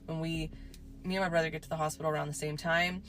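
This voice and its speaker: A woman's voice: sits low, flat delivery, quick pace, fairly bright tone, soft background music. A woman telling a true story in a casual storytime way, chatty, swearing and saying "like" a lot. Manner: chatty, swears, heavy use of "like".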